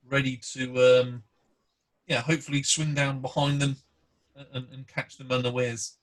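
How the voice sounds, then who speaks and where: A man's voice: medium pitch, flat delivery, moderate pace. Polite guy playing a tabletop rpg, reads out the rules. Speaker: player.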